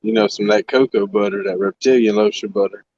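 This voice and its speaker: A man's voice: fairly low pitch, steady tone, fast talker, darkish tone, dry recording. A man joking and teasing in casual podcast banter. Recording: dull lo-fi audio.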